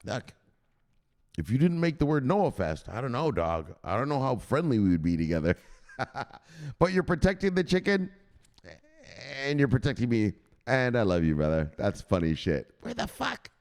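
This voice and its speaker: A man hosting a crypto news show as a casual livestream, hyped and profane, shouting out viewers. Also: mid-range voice, very animated, normal speed. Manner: talks straight to viewers, gives shout-outs. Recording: echoey room with long reverb.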